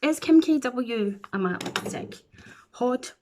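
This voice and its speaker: Slow-talking Scottish woman doing her makeup. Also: on the high side, animated, dark tone. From Scotland. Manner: playful, chatty asides while applying makeup. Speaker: beauty vlogger. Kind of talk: chatty makeup tutorial.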